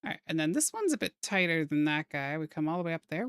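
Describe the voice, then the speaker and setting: A woman's voice: sits low, sing-song, a little fast, hardly any pauses, no room sound. A playful young woman chatting casually and joking while she draws on stream. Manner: playful, goofy wordplay and silly put-on phrases. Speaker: streamer drawing live. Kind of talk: casual chat while drawing.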